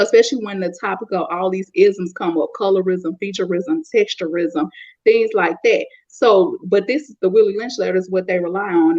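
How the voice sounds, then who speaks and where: A woman's voice: mid-range voice, a little mellow, dry recording. A woman with a Southern US accent, giving blunt, opinionated commentary on a panel. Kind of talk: casual commentary. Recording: dull, dry lo-fi audio.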